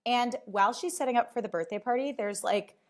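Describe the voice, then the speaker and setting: A woman hosting her own podcast, telling stories in a casual, animated way, full of fillers and swearing, and acting out the voices she quotes. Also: on the high side, brisk. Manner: chatty, filler-heavy, swears freely. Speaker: podcast host. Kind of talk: casual chat.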